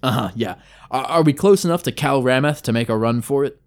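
A man voicing a gruff, crude adventurer with an axe, casual in speech. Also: mid-range voice, fairly quick, close to an everyday voice. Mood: pushy.

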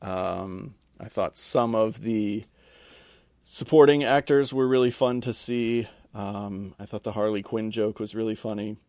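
A man co-hosting a podcast, giving measured, reflective opinions in casual chat. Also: lowish voice, a little mellow, dry recording, clean studio sound. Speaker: podcast co-host.

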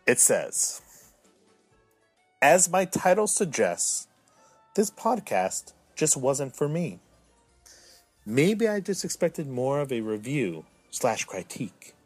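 Male podcast host, 30s, mid-pitched, melodramatic self-mocking delivery, light music bed. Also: no echo. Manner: mock-dramatic, swinging from self-pitying to indignant. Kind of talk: solo podcast monologue.

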